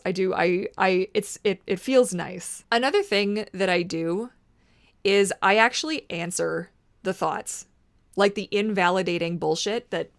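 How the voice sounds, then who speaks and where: An outspoken woman in her late thirties chatting straight to camera in a casual vlog. She is lively and emphatic, swears freely, and answers her own thoughts out loud as if debating them. Her voice sits at a middling pitch for a woman. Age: 30s. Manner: animated and emphatic, swears freely, argues back at herself. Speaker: vlogger.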